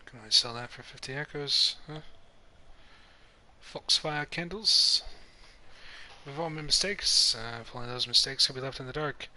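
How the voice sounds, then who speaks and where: Male let's-player, casual, reads game text aloud with offhand asides; very bright, cutting tone. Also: medium pitch, moderate pace, long pauses, poor audio. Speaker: gameplay commentator. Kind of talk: casual let's-play commentary.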